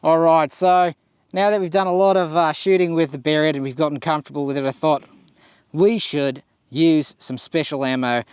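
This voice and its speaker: An Australian man hosting a casual shooting vlog outdoors at a range, excitable and swearing constantly as he hypes himself up. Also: a little high, moderate pace, clean tone, dry recording. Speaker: host.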